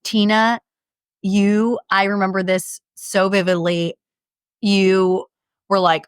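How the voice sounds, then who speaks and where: A woman's voice: mid-range voice, fairly even intonation, measured pace, clear, resonant tone, no room sound, clean studio sound. A woman, a podcast co-host, recalling a shared trip in casual chat and quoting what others said.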